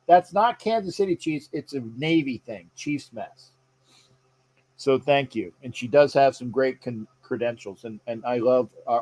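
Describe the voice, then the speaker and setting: A man hosting a casual live sports show, rambling and chatty as he reads out viewer comments. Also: a little high. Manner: frequent fillers and restarts. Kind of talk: casual live-stream chat.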